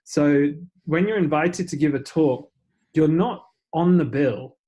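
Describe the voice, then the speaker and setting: A man's voice: on the high side, measured pace, mellow. A man with an English accent, chatting as a podcast guest in a self-deprecating way with many fillers. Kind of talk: casual interview chat.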